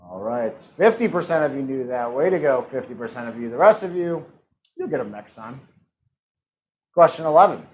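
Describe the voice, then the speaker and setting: A man's voice: medium pitch, animated, moderate pace, low-quality recording. A man hosting a live-streamed trivia game, reading questions and answer options in a playful, teasing way. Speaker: trivia host.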